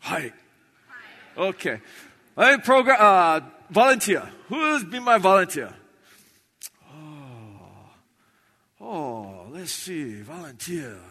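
A man's voice: high-pitched, animated, takes it slowly, long pauses, pushed and bright, breathy edge. A man doing stand-up on stage in a large hall, talking in clipped broken English and chanting lists of names. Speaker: stand-up comedian.

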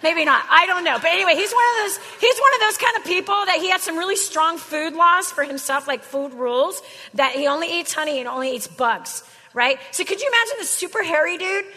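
A woman's voice: very high voice, animated, fairly quick, pushed and bright, big-room sound. A woman giving a casual, slangy sermon, telling stories in a chatty way. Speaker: Christian speaker.

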